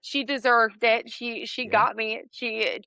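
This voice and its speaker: A woman's voice: fairly high pitch, little pitch movement, takes it slowly, bright, forceful tone, clear, resonant tone, dry recording. A woman in her thirties, a podcast guest, telling a story in a casual interview and laughing often.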